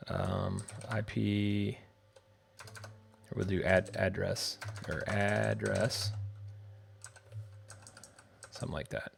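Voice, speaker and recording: Slow, gravelly-voiced male streamer, live-coding and thinking aloud; typing and faint music in the background. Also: sits low, slight background noise. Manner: muttering to himself while typing code. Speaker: developer livestream host. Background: keyboard typing, faint music.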